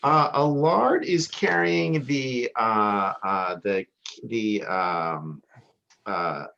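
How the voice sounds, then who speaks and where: Excitable rambling man, lo-fi audio. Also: lowish voice, extremely slow, creaky. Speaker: player. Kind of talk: playing a tabletop game online.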